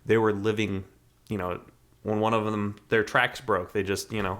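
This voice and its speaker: Guy with a lowish voice doing a casual movie review podcast, rambly, keeps restarting. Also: level tone, moderate pace, a bit bright. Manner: rambling, restarts, acts out characters' lines. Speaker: podcast co-host.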